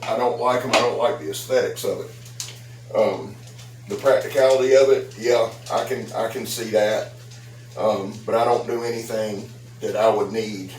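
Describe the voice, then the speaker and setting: A man's voice: fairly low pitch, a little mellow, far from the mic, slight background noise. Rambling man in his fifties, echoey. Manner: rambling, folksy, chatty asides. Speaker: knife reviewer and seller. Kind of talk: casual vlog. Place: at home with dogs. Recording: echoey room, voice off-mic.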